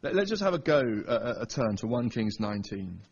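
A man's voice: medium pitch, very animated, brisk, darkish tone, slightly rough, lo-fi sound. A man preaching a Bible teaching sermon, pressing his listeners with rhetorical questions. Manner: asks the audience rhetorical questions.

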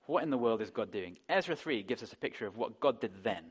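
A man's voice: fairly low pitch, lively intonation, quick pace, slightly rough. A man preaching a sermon in a conversational way, often putting rhetorical questions to the congregation, on a dull lo-fi recording. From England.

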